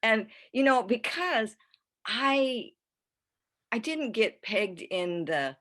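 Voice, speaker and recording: An older actress, a guest on a podcast, chatting casually and rambling warmly through her stories with restarts and easy laughter. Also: on the high side, big pitch swings, slow pace. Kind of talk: casual podcast interview chat.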